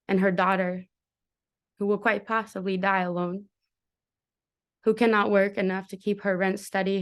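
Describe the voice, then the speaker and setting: A woman's voice: medium pitch, clear, resonant tone. A young woman performing a spoken word poem at an open mic, addressing God over and over with raw intensity. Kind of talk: spoken word poetry reading.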